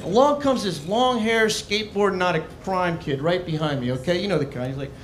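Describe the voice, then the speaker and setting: A man from Arizona does stand-up on a club stage, speaking a little fast in a high voice with a brash, mocking, punchy delivery into a handheld mic. The club is echoey with audience laughter, and there's a little hiss or hum.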